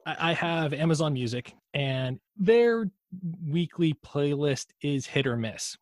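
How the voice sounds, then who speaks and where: A man's voice: a little high, lively intonation, measured pace, no echo, studio quality. A man co-hosting a podcast in casual chat, rambling through tangents and swearing freely. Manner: rambling, profane, admits his own tangents. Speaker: podcast co-host.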